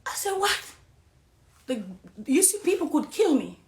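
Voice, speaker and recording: A middle-aged Jamaican woman giving an impassioned personal testimony on a live stream, preachy, swinging between hushed confiding and loud accusing. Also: sits high, sing-song, a little slow, roomy sound. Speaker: dancehall artist on a live stream.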